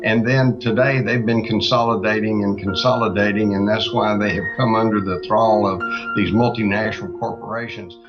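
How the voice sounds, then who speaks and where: Male author guest, low voice, halting speech, dull lo-fi sound, music behind. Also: fairly even intonation. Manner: halting with frequent "uh" fillers. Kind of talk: interview answers. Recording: dull, lo-fi audio.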